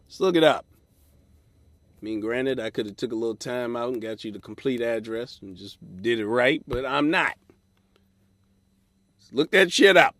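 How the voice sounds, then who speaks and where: A man hosting a comedy podcast alone, ranting profanely from his car in a parking lot and mocking people in a high falsetto. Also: no room sound, studio quality. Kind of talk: solo comedy podcast rant.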